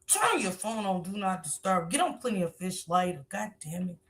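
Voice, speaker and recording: A woman puts on a domineering mother who barks orders at her family and curses at every turn. The voice drops low and heavy, with a bright, forceful edge. It sounds like a mocking sketch. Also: sing-song, normal speed. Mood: bossy. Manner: barking orders with constant cursing. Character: bossy mother coaching her family, cursing.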